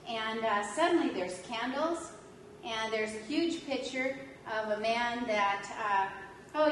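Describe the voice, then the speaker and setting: A woman from California tells animated stories to a class, laughing freely and poking fun at herself. Her voice sits a little high. She is picked up from across a very echoey hall, with a faint hum of room noise behind her. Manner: animated, laughs often, self-mocking humor. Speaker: religion instructor. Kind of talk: storytelling lecture. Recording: echoey hall taped from far off.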